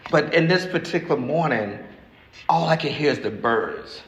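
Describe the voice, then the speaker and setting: A gravelly-voiced man in his sixties shares his own story at a recovery meeting. He talks frankly and haltingly, often repeating himself. His voice rings through a large hall with long reverb. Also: on the high side, expressive, a bit bright. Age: 60s. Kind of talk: personal recovery testimony. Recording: echoey hall with faint noise.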